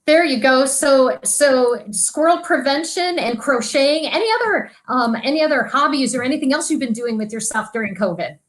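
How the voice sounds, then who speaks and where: A woman's voice: sits high, moderate pace, hardly any pauses, poor audio. Upbeat woman hosting a livestream. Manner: upbeat, prompting questions. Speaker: host. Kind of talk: livestream interview.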